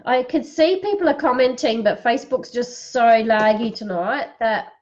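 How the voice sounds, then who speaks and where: Woman, live-stream card reader, reads affirmations to viewers by name, sniffly, higher voice, muffled audio. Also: moderate pace, darkish tone.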